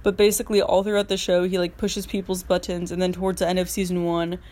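A woman's voice: on the low side, level tone, quick pace, darkish tone. A teenage girl hosting a casual solo podcast, rambling with constant "like" fillers. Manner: rambling, heavy use of "like" fillers. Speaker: podcast host.

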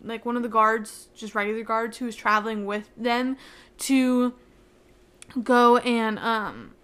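A young woman casually recapping a book, talking excitedly and filling her sentences with "like" while she avoids spoilers. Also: fairly high pitch, a little slow. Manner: chatty, heavy use of "like" fillers. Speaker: book reviewer.

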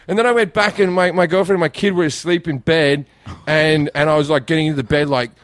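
A man's voice: on the high side, fairly even intonation, fast talker, dry recording. A middle-aged man from Australia telling rambling, laughing anecdotes in a casual chat, full of restarts. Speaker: comedian guest.

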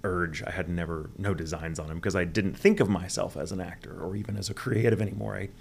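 Deep-voiced wry man from Texas. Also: fairly even intonation, fast talker, creaky, slightly rough. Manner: candid, profane, self-deprecating and wry. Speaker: voice actor guest. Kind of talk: candid interview storytelling.

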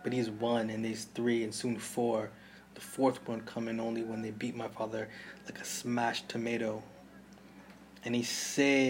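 Jamaican guy narrating a story, intense, kinda flat voice, faint hum behind. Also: medium pitch, measured pace. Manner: intense, mimics gunshot sounds. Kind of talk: audiobook narration.

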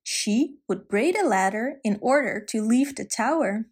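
A woman telling a fairy tale gently, with asides to the listener. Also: on the high side, animated, a little slow, husky. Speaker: storyteller.

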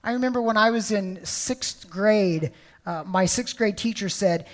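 A woman's voice: mid-range voice, a little slow. A woman preaching a sermon, emphatic and storytelling, often repeating words.

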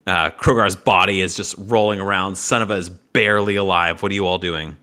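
A man's voice: low-pitched, steady tone, a little fast, sharp tone. A man narrating a tabletop game as game master, describing the action vividly with frequent fillers.

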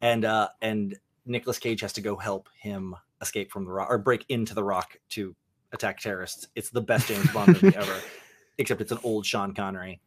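A man's voice: lowish voice, a little fast. A young man hosting a casual movie chat, enthusiastic and joking, rambling with fillers. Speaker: podcast host.

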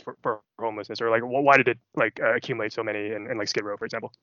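A man's voice: lowish voice, fairly even intonation, very fast, bright, forceful tone, dry recording. A man hosting a casual podcast, joking and asking questions with many restarts. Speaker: podcast host. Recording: dull dry lo-fi sound.

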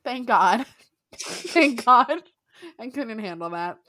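A woman's voice: a little high, slow pace, no room sound. A young woman co-hosting a podcast, chatting casually, laughing often and swearing freely. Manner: giggly, swears freely, lively. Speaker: podcast co-host. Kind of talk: casual chat.

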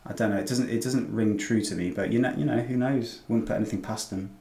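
A man's voice: lowish voice, fast talker, over a noisy crowd. A man co-hosting a casual podcast chat, chatty and full of hedging fillers. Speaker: podcast co-host. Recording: echoey room.

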